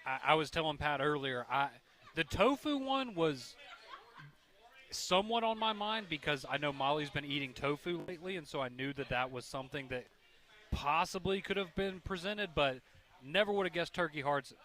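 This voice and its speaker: A man on a sports radio show, good-humored and self-deprecating, with a halting way of talking. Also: on the high side, animated, sharp tone. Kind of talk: casual studio banter.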